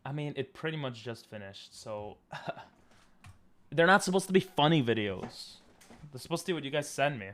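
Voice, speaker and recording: A man's voice: mid-range voice, animated, normal speed, a bit bright. Young guy streamer reacting to vids, joking w chat, voice jumps all over then mumbles. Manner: goofy, teasing chat, often drops to a mutter.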